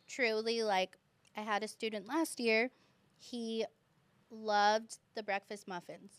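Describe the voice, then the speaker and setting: A young woman who teaches kindergarten, chatting casually as a podcast guest and telling stories with lively quoted voices. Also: fairly high pitch, slow, clean tone, no room sound.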